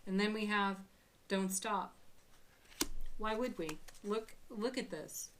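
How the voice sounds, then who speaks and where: A woman giving a daily tarot card reading, gentle and affirming, with frequent soft laughs. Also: medium pitch, slow pace, slight background noise.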